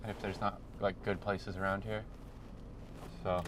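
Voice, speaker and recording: A man rambling casually through a road-trip vlog while he drives, getting easily excited. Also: low voice, a little slow. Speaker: vlogger. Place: inside a moving car. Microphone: dash-mounted action camera. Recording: loud road and engine noise.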